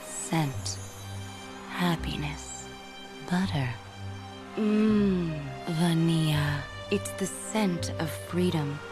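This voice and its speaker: A breathy, sensual perfume-commercial narrator , put on by a woman, who lingers over single words at a crawl in a lowish voice. Music plays clearly beneath her. The hush never lifts. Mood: sultry. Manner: slow, hushed, sensual delivery of single words.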